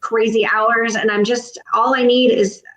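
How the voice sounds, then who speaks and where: A woman's voice: a little high, flat delivery, unhurried, fairly bright tone. A woman, an actress and guest, talking frankly and casually about her life. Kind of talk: casual chat on a live stream. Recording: roomy echo.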